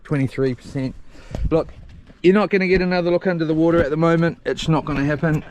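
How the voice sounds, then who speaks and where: A man's voice: on the high side, steady tone, fast. A man vlogging alone on a houseboat, rambling and muttering to himself through a head-mounted camera. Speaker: solo vlogger. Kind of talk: casual self-talk to camera. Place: on a houseboat at sea, outdoors. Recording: loud engine and water noise.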